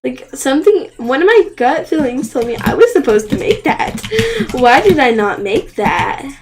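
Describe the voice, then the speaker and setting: High-voiced young woman streaming a game. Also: moderate pace, noisy background. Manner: excitable, gasping and crying out at the game, then rambling. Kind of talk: live game stream commentary.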